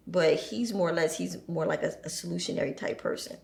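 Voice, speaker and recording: A woman's voice: fairly low pitch, a little fast, gravelly, few pauses, echoey room. A woman in her forties chatting on a podcast, telling stories with laughter and acting out her children's voices. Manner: lively storyteller, acts out her children's voices, laughs often. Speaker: podcast guest. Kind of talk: casual chat.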